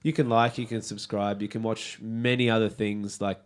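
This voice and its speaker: A man's voice: fairly low pitch, level tone, normal speed, clean tone. An Australian man hosting a podcast, jokey and upbeat as he wraps up the episode. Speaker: podcast host. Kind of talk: casual chat.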